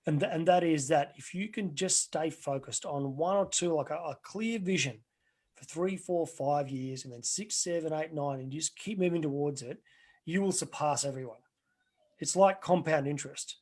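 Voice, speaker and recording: A man's voice: fairly high pitch, moderate pace, a little mellow, breathy edge. Earnest man coaching. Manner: earnest, rambling with restarts and anecdotes. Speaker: life coach. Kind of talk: webinar Q&A answers.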